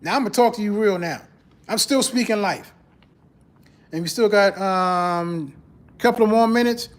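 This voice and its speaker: A man hosting a podcast in casual, conversational faith talk, greeting viewers and repeating his phrases. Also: moderate pace. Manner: animated, rises in pitch when mocking church talk. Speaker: podcast host.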